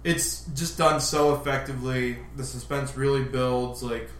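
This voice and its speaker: 男主持人，随意闲聊，空旷回声，轻微背景噪音. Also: male voice, medium pitch, fairly even intonation, unhurried, roomy sound, slight background noise. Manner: laughs often, loose enthusiastic rambling. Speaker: podcast host. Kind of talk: casual movie discussion.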